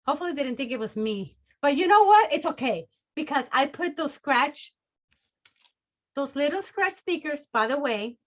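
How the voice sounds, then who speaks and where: A bubbly, excitable woman runs a sales training session over a video call, her voice high and bright. She stays at high energy the whole time. The audio is slightly dull and lo-fi. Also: moderate pace.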